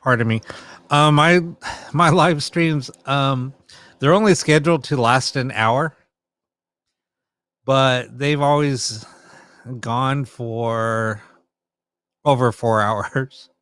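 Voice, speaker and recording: A man's voice: medium pitch, takes it slowly, long pauses, fairly bright tone, clear, resonant tone, no room sound. A man hosting a late-night live stream, chatting casually with his viewers and teasing back at them.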